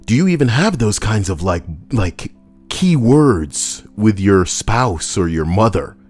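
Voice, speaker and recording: With soft music in the background, the young host speaks slowly in a lowish, slightly mellow, sing-song voice. His commentary is rambling, crude, and jokey, with bits where he argues with himself.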